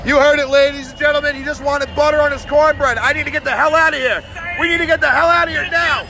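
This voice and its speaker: A man doing a squeaky, overeager TV reporter. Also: fast, vocal fry, a crowd in the background. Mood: excited. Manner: high-pitched, breathless, excited. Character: overeager male TV field reporter.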